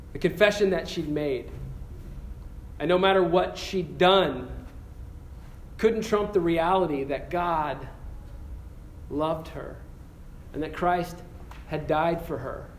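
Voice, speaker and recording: A man giving an earnest campus sermon, telling a story with frequent restarts and ending in a slow, quiet prayer. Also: on the high side, a little hiss or hum. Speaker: campus pastor. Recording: echoey room with faint ambience.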